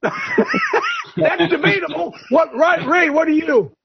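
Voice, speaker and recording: A man leading a preaching-style group discussion on a video call, addressed as coach, animated and repetitive as he calls on listeners one by one. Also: extremely high pitch, slow, gravelly, background noise. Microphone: video call microphone. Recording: muffled video call audio.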